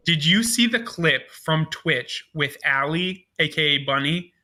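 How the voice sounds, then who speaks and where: A man's voice: a little high, lively intonation, measured pace, pushed and bright. A man co-hosting a casual wrestling podcast, telling stories animatedly with lots of "like" and laughter. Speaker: podcast co-host. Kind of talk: casual wrestling chat and storytelling.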